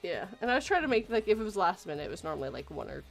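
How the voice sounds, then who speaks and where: A woman's voice: lowish voice, sing-song, rapid-fire, vocal fry, faint music behind. A woman who is a guest on a casual livestream, chatty and laughing often.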